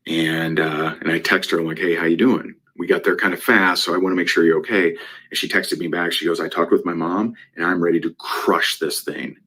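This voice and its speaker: A man's voice: low voice, fairly bright tone, breathy edge. A man speaking as a guest business coach, telling a client story in a conversational way and often asking "right?".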